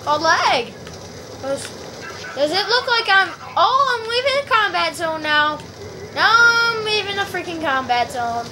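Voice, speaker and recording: A woman giving live commentary while playing a shooter game, excitable and often yelling and squealing at the action. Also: extremely high pitch, background noise. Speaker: gameplay video maker. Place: at home playing a video game.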